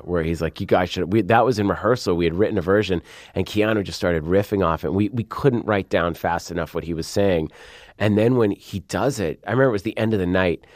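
A man, a film director, giving an interview and telling lively anecdotes, acting out quotes with sudden loud outbursts. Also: low voice, no echo, studio quality. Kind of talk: interview, animated storytelling.

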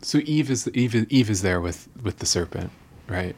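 Man, interviewer, raspy tone, thoughtful and halting. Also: lowish voice, expressive, darkish tone. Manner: thoughtful, restarts while framing questions. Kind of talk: conversational interview questions.

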